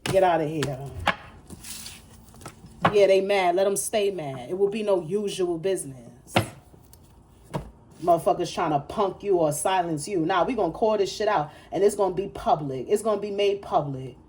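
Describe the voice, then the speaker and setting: A woman's voice: fairly low pitch, normal speed, noisy background. Blunt, profane woman giving a tarot reading. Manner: blunt, profane and emphatic, with a lot of repetition; laughs between lines. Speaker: tarot reader. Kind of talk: casual tarot reading to camera.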